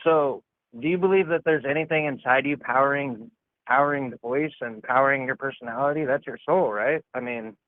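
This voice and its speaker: A man calls in to argue in a casual debate, brisk and blunt, scoffing and talking over the other speaker. His voice sits in the mid range, and the tinny, phone-like call line carries no echo.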